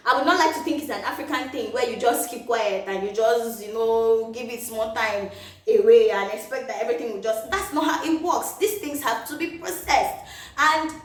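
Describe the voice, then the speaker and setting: A Nigerian woman with a high-pitched voice holds a casual vlog monologue. She sounds emphatic and keeps asking rhetorical questions. Her voice is caught from a distance in an echoey room. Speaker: vlogger.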